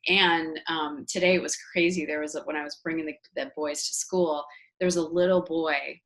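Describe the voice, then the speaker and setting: A woman in her forties, the host of an interview show, telling a story from her day in relaxed, casual talk. Her voice sits a little low, and she brings the story to life by acting out the voices of the people in it. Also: moderate pace. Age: 40s. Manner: animated storyteller, acts out voices in anecdotes.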